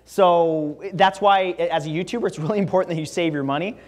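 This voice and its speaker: A young man from Canada speaks to a college audience in a lecture room. His voice sits a little high for a man, and he talks in a loose, chatty way full of fillers and asides. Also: brisk. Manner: casual, chatty, lots of "like" fillers. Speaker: guest speaker. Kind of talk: campus talk with Q&A.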